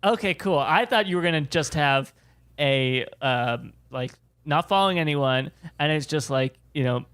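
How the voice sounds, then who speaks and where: A man's voice: a little high, normal speed, fairly bright tone, smooth. A man co-hosting a podcast, chatting casually and riffing playfully on silly made-up scenarios. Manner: playful, riffs on absurd scenarios, laughs often. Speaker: podcast co-host. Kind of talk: casual comedic chat.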